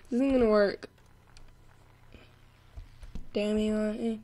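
A young woman giving excitable gameplay commentary, laughing and yelling at the game as she plays. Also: mid-range voice, takes it slowly, pauses often. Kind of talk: let's play commentary.

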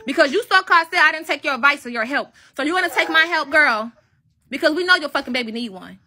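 A woman's voice: high voice, lively intonation, quick pace, pushed and bright. A woman in her twenties giving a profane, mocking commentary rant and repeating taunting questions. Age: 20s. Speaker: commentary vlogger. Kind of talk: ranting commentary.

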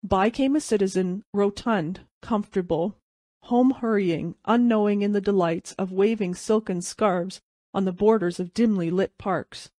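Brief: female audiobook narrator, measured storytelling, dry close recording. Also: medium pitch, dark tone, no echo. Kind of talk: audiobook reading of a classic short story.

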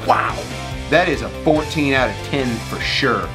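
A man chats playfully through a run of animal clips, laughing often. His voice swings widely up and down in pitch, and music plays clearly behind him. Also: animated, moderate pace. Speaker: reaction video host. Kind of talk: casual commentary. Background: music playing.

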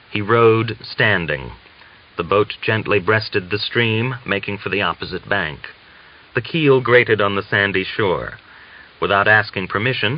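A man with a low voice reads a novel aloud in a measured, even storytelling manner. The recording is dull and lo-fi, like an older audiobook transfer. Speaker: audiobook narrator. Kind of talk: scripted narration of a novel.

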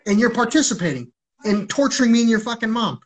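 A man's voice: very high voice, animated, fast. A man ranting on a livestream in an agitated, rambling way, swearing heavily.

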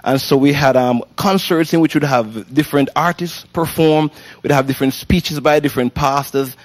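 A middle-aged man with a Jamaican accent, a gospel pianist talking about his faith and ministry in a casual interview, exclamatory and quick to laugh. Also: on the high side. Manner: warm-hearted, laughs often, exclamatory.

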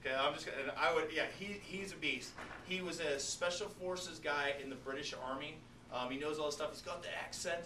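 An animated male teacher jokes with his class while lecturing. His voice sits a little high and is picked up from a distance. The classroom echoes, and steady noise hums under it. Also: fairly quick. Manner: animated, joking, talks straight to students. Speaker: biology teacher.

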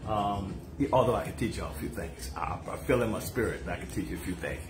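A man with a low-pitched voice hosts a casual cooking livestream from his home kitchen, joking, chatting, and drifting into long playful asides to viewers. The kitchen is echoey, with music playing behind him and a noisy background.

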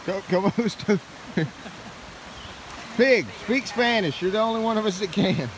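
A man vlogging casually outdoors by a creek, excited and playful, talking into a handheld camera. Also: sits high, slow pace, slight background noise, rough recording. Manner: excited, playful, sing-song. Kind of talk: casual trail vlog chat.

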